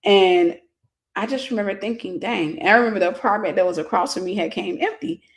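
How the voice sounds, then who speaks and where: A woman's voice: mid-range voice, expressive, fairly quick, vocal fry. A woman minister in her forties telling a personal story in a casual livestream sermon, greeting viewers by name.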